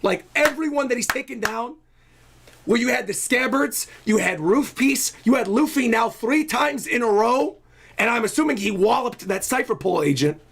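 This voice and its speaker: A man streaming a live manga reaction, excitable, often laughing and shouting. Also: very high-pitched, normal speed, gravelly, slightly rough.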